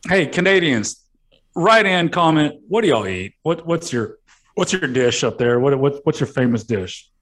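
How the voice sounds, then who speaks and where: Rambling, crude podcast co-host. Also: male voice, on the high side, lively intonation, normal speed, a bit bright. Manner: rambling, crude, laughs often, swears. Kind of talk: crude comedic podcast banter.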